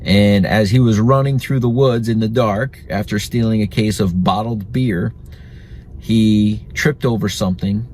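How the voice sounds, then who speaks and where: Male podcast host, lowish voice, relaxed storyteller, faint hiss under it. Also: measured pace. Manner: chatty, reflective, laughs at his own stories.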